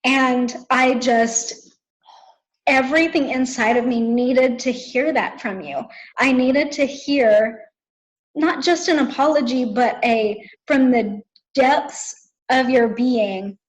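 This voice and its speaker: A woman's voice: fairly high pitch, slow pace, rough recording. A woman in her thirties talking earnestly and emotionally with a close friend, often searching for words. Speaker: guest, best friend. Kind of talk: emotional conversation.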